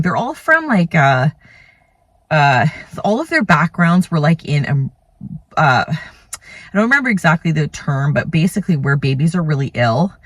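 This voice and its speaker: A woman's voice: low-pitched, fairly bright tone, dry recording. A woman in her thirties casually telling a personal story, chatty and rambling, full of "like" and "you know.". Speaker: vlogger, mother telling a birth story.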